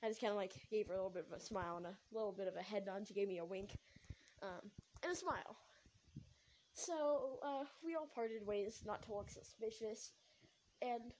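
Woman, casual storytime vlogger, rambling delivery with frequent restarts, voice a bit high. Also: a little mellow, a little hiss or hum, low-quality recording.

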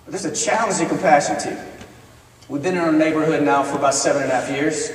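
A man's voice: a little high, fast talker, slight background noise. Man, minister, storytelling sermon, earnest, wry humor, far from the mic, echoey chapel. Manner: conversational, earnest, with self-deprecating humor. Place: college chapel.

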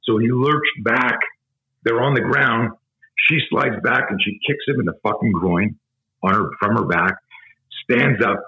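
A man's voice: medium pitch, unhurried, bright, forceful tone, lo-fi sound. A middle-aged man who teaches self-defense, a podcast guest telling a story with emphasis and plenty of swearing. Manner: emphatic, profane, vivid storyteller. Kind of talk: intense storytelling in a podcast interview.

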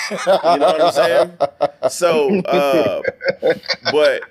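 A man's voice: on the high side, expressive, a little slow. A young man in casual chat, retelling events emphatically with slang and drawing out his words. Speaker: witness.

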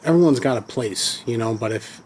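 A man's voice: medium pitch, fairly quick, a little mellow, a little hiss or hum. A man guesting on a podcast in casual chat, talking in loose rambling sentences full of "you know" and swearing.

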